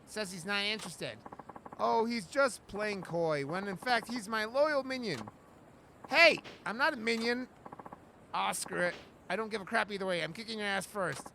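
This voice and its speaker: A man's voice: high-pitched, animated, normal speed, vocal fry, fairly bright tone, a little hiss or hum. A man hosting a let's play, reading the game's dialogue aloud in a casual way and swearing freely. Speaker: gaming video host.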